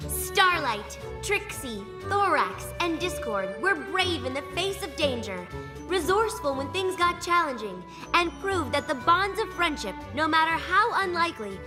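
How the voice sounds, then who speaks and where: An earnest young pony princess from a cartoon, her voice high and swooping with bright enthusiasm. She sounds bookish and eager, and a music score runs clearly underneath. It comes across as a clip from an animated series. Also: unhurried, exaggerated voice.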